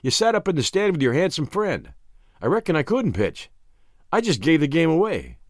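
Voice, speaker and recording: A man's voice: fairly high pitch, sing-song, moderate pace, no echo, clean studio sound. A man reading an audiobook, voicing a shy, earnest young country man with plain rural speech. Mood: cool.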